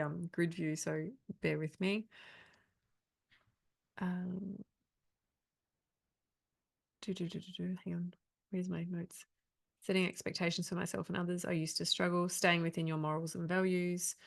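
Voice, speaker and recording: Woman, low voice, gravelly fry, chatty coach, webcam audio. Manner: candid, chatty, laughs often. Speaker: trauma coach. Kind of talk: live online workshop talk.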